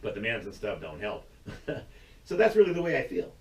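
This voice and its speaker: A man's voice: lowish voice, huge pitch swings, fairly quick, darkish tone, recorded from a distance. Blunt, profane man ranting to camera. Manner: profane, blunt, rambling, laughs often. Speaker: YouTube channel host. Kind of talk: casual rant to camera. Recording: roomy sound, voice away from the mic.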